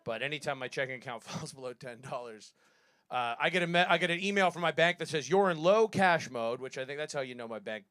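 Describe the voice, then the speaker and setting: A man's voice: mid-range voice, fast, bright, forceful tone, clear, resonant tone, no room sound. Self-mocking male stand-up in his thirties. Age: 30s. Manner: self-deprecating, rambling, laughs at own jokes. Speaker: stand-up comedian. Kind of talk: stand-up comedy set. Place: live comedy stage.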